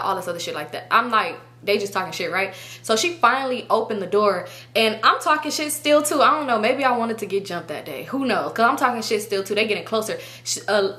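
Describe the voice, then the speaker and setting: A young woman casually telling a story to her viewers, animated and profane, acting out her friends' lines. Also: mid-range voice. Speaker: storytime vlogger.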